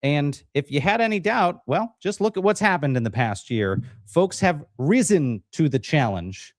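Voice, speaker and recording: A man hosting a live political stream, talking in an energetic, jokey way as he hypes up the guests. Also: on the high side, normal speed, no room sound, studio quality. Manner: energetic, jokey, hype-building introductions. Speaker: livestream host. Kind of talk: upbeat live-stream show opening.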